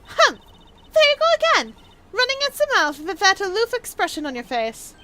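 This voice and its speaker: A woman voicing a proud, sharp-tongued young female prosecutor with an imperious, snappish delivery for a video game reading. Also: very high voice, wildly swooping pitch, moderate pace, pitched above the performer's own voice, exaggerated voice.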